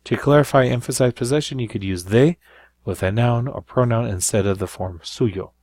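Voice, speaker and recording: A man's voice: medium pitch, normal speed, a little mellow, no echo. A man teaching a recorded Spanish grammar lesson, explaining step by step and checking in with frequent "right?".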